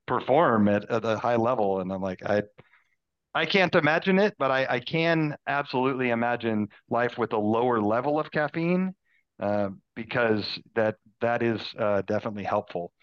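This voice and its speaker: A man who is a guest on a podcast, speaking in a halting, casual way with many fillers. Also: mid-range voice, expressive, dry recording, highs cut off. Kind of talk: casual conversation.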